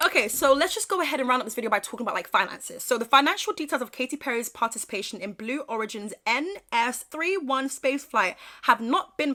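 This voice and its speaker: A young woman with a British accent that slips now and then toward Australian, talking in a sassy, sarcastic vlog style. Her voice sits a little on the high side, and her asides are animated and teasing. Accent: British, slipping into Australian. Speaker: vlogger. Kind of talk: casual commentary vlog.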